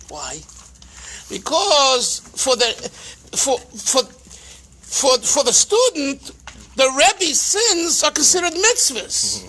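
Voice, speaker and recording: A man, a rabbi, giving a farbrengen teaching talk with animated storytelling and emphatic repetitions. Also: extremely high pitch.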